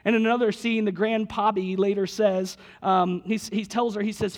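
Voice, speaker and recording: A man preaching a lively sermon in a church, slightly husky today, retelling a movie scene with quoted voices before leading a prayer. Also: sits high, normal speed. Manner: lively storytelling, quotes characters, prays aloud. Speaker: pastor.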